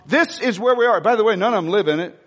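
A man preaching a sermon, telling stories in an animated, conversational way. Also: high voice, fast, in a large hall. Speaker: pastor.

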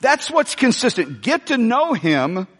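A middle-aged man preaching a sermon in a church, animated and jokey, with sudden shouts. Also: extremely high pitch, a little slow, in a large hall. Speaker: pastor. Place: church hall.

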